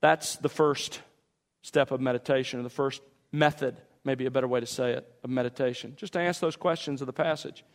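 A man teaching a sermon on meditating on scripture, speaking in a measured, emphatic way with deliberate pauses. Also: medium pitch, steady tone. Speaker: pastor. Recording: long hall reverb.

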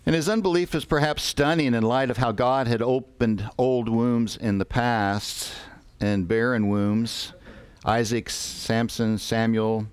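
A man preaching a sermon, reading scripture slowly and deliberately with pauses. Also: medium pitch, steady tone, clear, resonant tone, no echo.

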